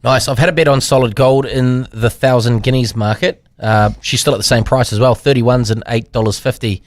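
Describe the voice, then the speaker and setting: A relaxed man runs through his racing bets in casual podcast chat. His voice is mid-pitched, and the studio sound is dry and close. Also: a little fast, dry recording. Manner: relaxed, gives betting tips. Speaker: podcast co-host.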